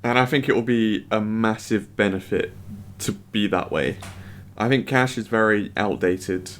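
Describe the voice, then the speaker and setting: A man's voice: lowish voice, unhurried, fairly bright tone, slight background noise. A young man on a podcast in casual debate, pressing his point hard and arguing. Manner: argumentative, pushes his point. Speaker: podcast co-host.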